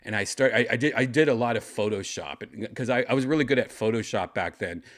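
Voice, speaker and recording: A man's voice: medium pitch, fast talker. A man hosting a show, telling a rambling, laid-back story full of restarts. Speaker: podcast host. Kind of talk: casual storytelling.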